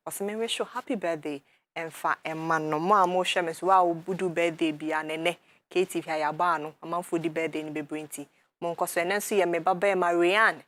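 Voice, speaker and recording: A woman with a Ghanaian accent hosting a studio talk show, lively and switching quickly between Twi and English. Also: lowish voice.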